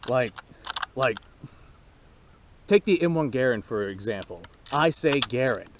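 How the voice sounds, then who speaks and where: Man, casual vlog chat, rambling, foul-mouthed, mid-pitched voice, outdoors at a range. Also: animated, measured pace, background noise. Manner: laid-back, rambling, swears freely. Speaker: firearms channel host.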